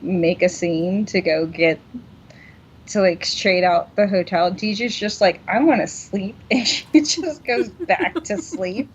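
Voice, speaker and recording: A woman with a mid-range voice co-hosts a podcast, telling an animated story in casual chat with frequent laughter and acted-out quotes. The audio is dull and lo-fi with slight background noise.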